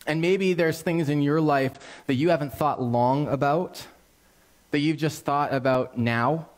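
A male pastor preaching a sermon, telling a story in an animated, conversational and earnest way. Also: mid-range voice.

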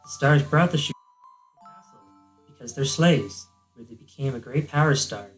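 A man's voice: medium pitch, moderate pace, faint music behind, close to an everyday voice, low-quality recording. A man doing a mock-seductive female princess voice to read a storybook intro aloud, as a gaming joke. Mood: mock sultry. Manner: soft mock-seductive reading. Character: sultry female cosmic princess narrating a storybook. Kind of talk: comedic let's play voice-over.

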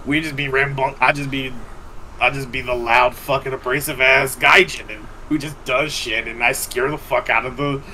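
A man's voice: medium pitch, steady tone, moderate pace, sharp tone, slight background noise, poor audio. A man hosting a podcast, telling a profane story in a casual chat and laughing often. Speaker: podcast host.

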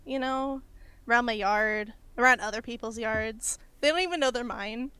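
A woman guest on a game livestream, trading dry, deadpan jokes in easy chat. Her voice is fairly high and recorded close with a dry sound. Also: moderate pace, clean tone, dry recording. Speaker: guest player on stream. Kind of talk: casual gaming chat.

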